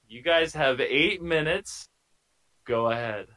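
A man running a social deduction game over a video call, hamming up his announcements with a playful, theatrical flair. His voice sits a little high and rings bright and forceful. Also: animated, moderate pace, poor audio. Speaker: game moderator.

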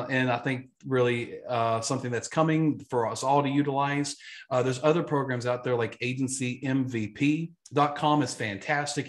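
An insurance agency trainer with a mid-range voice leads a live online training session, emphatic and energetic. He repeats his key points.

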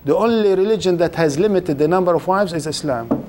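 An older Islamic lecturer with a slightly high voice addresses a live audience at a brisk pace, firing rhetorical questions and drawing words out for emphasis. Faint room ambience and background noise sit behind him.

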